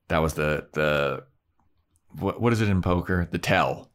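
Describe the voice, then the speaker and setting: A man with a very low voice, chatting easily as he recaps an episode. He tells it like a story and keeps breaking into impressions of the characters. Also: measured pace. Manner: animated storyteller acting out scenes. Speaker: podcast co-host. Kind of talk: casual TV recap chat.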